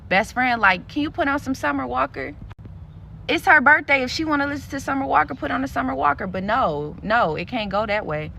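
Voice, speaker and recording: A woman's voice: sits high, lively intonation, a little fast, gravelly, bright, forceful tone, a little hiss or hum. A woman telling a story to her viewers in a vlog, blunt and profane, with lots of animation in her delivery. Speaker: content creator.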